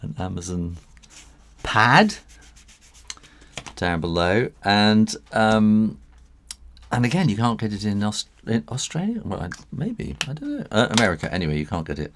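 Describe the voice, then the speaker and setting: A man's voice: fairly low pitch, very animated, moderate pace, fairly bright tone, a little hiss or hum. A man who illustrates books, talking through a live drawing tutorial in a chatty, rambling way with frequent chuckles, working in a studio next to his house. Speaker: illustrator and author.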